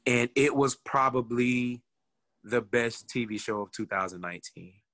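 A man's voice: mid-range voice, a little slow. A man in casual chat, telling stories with lots of energy and plenty of swearing. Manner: animated storyteller, swears freely.

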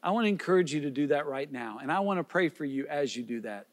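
A man's voice: a little high, lively intonation, fast, long reverb tail. A man preaching as a pastor, earnest and pleading, with repeated questions and small restarts. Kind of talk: sermon.

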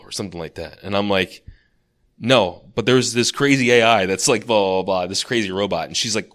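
Male podcast co-host, low voice, loose rambling storyteller in casual chat. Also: animated, a little fast, fairly bright tone. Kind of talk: casual chat, telling a dream.

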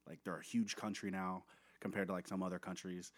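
A young man from the talks quickly in a slightly low voice. He chats casually as a podcast co-host and tells stories, slipping into voices for the people in them. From Seattle area, USA. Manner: quick, animated storyteller who acts out voices in anecdotes. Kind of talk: casual chat.

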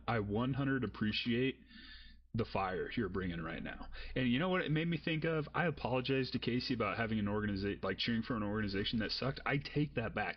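A man on a sports podcast, talking in a playful, theatrical way. His voice is husky and a touch breathy. The audio sounds dull and lo-fi. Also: mid-range voice. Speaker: podcast co-host. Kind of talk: casual podcast chat.

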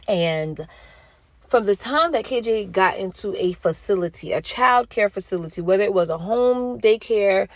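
A woman's voice: moderate pace, no echo. A woman in her thirties, a mother, speaking earnestly and a little preachy as she gives viewers a spiritual message and her own story. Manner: earnest, preachy, talks straight to the audience; expressive, jumps into high pitch when quoting herself. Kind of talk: casual spoken testimony to viewers.

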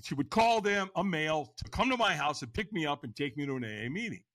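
A man in his sixties, a podcast guest, frankly telling his own story in an animated way and acting out the voices. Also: fairly high pitch, fast, dry recording. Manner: animated, acts out voices and inner dialogue; frank, casual speech. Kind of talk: personal storytelling in an interview.

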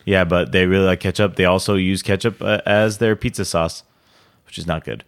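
A young man co-hosts a podcast, chatting casually in a deep, steady voice at a slightly fast pace. He's enthusiastic and rambling, with many fillers.

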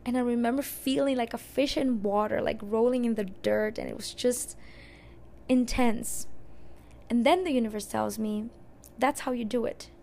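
A young adult woman hosting a podcast, candidly telling a personal story in a casual, expressive way and cursing now and then. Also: on the high side, moderate pace, gravelly, slight background noise. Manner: candid and expressive, swears and laughs at herself. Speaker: podcast host.

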